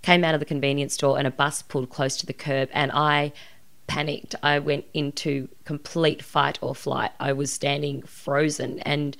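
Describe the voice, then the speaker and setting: A gravelly, low-pitched voice with a fairly bright tone belongs to this Australian actress in her forties, a guest on a podcast interview. Her delivery is flat and moderately paced as she earnestly and reflectively opens up about emotional events from her life.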